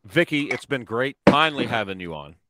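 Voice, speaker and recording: A man's voice: mid-range voice, very animated, a little fast, very noisy. A man hosting a podcast, casual chat, joking and teasing his guest. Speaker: podcast host.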